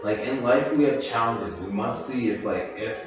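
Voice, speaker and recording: A man's voice: medium pitch, moderate pace. A man giving a rambling solo commentary, reading social media posts aloud and then musing on them freely. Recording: very echoey room with music behind.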